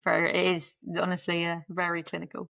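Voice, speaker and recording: Gravelly woman sharing a story. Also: fairly low pitch, completely flat delivery, a little fast, a bit bright, dry recording. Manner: chatty, laughs often, self-interrupting. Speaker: podcast guest. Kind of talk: candid conversational storytelling.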